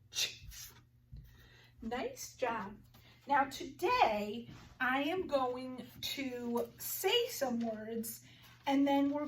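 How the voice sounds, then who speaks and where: A woman teaching a phonics lesson to young children, slowly sounding out each word with clear articulation. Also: fairly high pitch, far from the mic, slight background noise.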